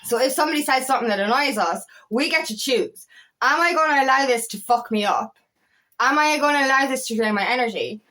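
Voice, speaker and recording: A woman's voice: sits high, brisk, sharp tone. Blunt, swearing woman coach. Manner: blunt and heated, swears often, frequent fillers. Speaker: empowerment coach. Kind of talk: casual motivational talk to camera.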